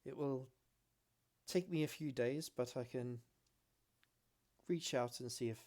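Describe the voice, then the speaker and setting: A man's voice: mid-range voice, a little slow, darkish tone, lightly acted. A man voicing a polite, eager young female elf scholar, lifting his voice a little for her.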